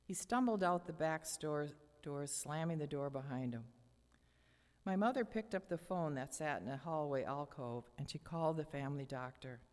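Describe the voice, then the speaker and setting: An older woman with a low, deep voice reads from her memoir at a church lectern. Her delivery is measured and dramatic, and a long church hall reverb trails each phrase. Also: a little mellow. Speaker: memoir reader. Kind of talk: reading a personal memoir aloud.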